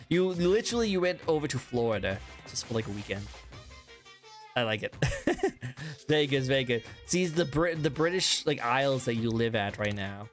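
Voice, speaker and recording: An American man hosting a casual online interview, excitable and laughing often, with plenty of fillers. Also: medium pitch, normal speed, faint music behind. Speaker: host.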